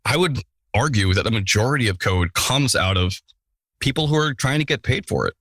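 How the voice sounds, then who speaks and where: Podcast host, male, mid-pitch, joking asides, dry close mic. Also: lively intonation, brisk, a bit bright, dry recording. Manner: playful, self-mocking asides. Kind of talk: casual podcast intro.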